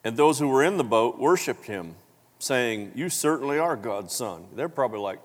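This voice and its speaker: A man preaching a sermon, telling the story with animated acted-out voices and big jumps in pitch, coughing now and then. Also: normal speed. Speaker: pastor. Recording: long hall reverb.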